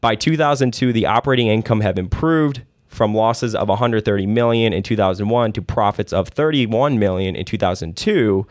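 A podcast host with a fairly low voice talks at a moderate pace with hardly any pauses, chatting casually about investing and telling stories with plenty of fillers. The sound is studio quality with no echo.

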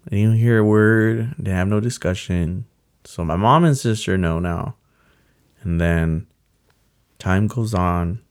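A young man telling a personal story in casual talk, earnest and halting, with many fillers. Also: low voice, clear, resonant tone. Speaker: guest telling his story.

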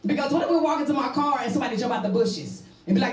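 A woman's voice: sits high, very fast, recorded from a distance. A woman performing a stand-up comedy set on a club stage, brash and bawdy, repeating her punchlines for effect. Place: comedy club stage before a live audience. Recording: roomy live recording from off-mic, loud audience laughter.

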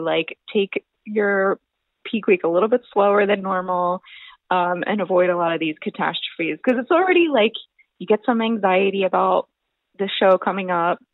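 A young woman telling stories about competition prep in a rambling, animated way, full of fillers. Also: mid-range voice, no echo. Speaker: bodybuilding competitor, podcast guest. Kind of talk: casual storytelling chat. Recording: thin phone-like line.

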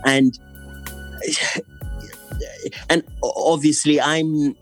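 A man from Zimbabwe with a Zimbabwean accent, an actor speaking English as a later language, talking in a relaxed conversation and often restarting his sentences with fillers. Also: on the high side, a little slow, soft background music. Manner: hesitant, many restarts and fillers. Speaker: actor, guest. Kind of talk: casual conversation.

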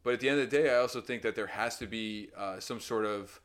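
Animated man on a casual podcast. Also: fast talker, clear, resonant tone. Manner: animated storyteller who acts out quotes with loud pitch jumps; swears casually, many fillers like "you know" and "man". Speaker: podcast co-host.

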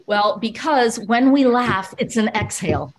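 A woman's voice: a little high, expressive, a little slow. A woman leading a group laughter session, coaching in an upbeat way and often laughing as she talks.

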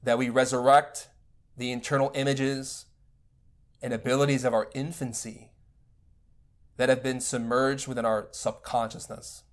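Male spiritual teacher, mid pitch, measured lecture delivery. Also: little pitch movement.

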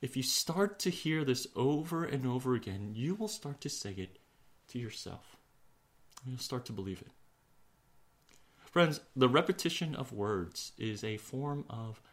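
Male pastor preaching; earnest, measured, hushed on the heavy lines. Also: mid-range voice, lively intonation. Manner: earnest, slows for emphasis, drops to a hush on key words. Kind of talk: sermon.

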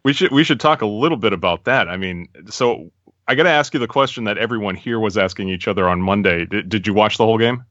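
A man's voice: lowish voice, fast, a bit bright, no echo. An easygoing male host from Cape Cod asks his guest questions, laughing along readily. The sound is dry and a bit muffled, like a remote recording. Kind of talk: interview questions.

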